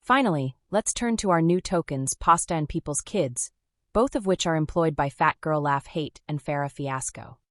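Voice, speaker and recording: A woman reading scripted documentary narration in a measured, wry, dry manner. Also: low-pitched, expressive, no echo. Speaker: commentary narrator.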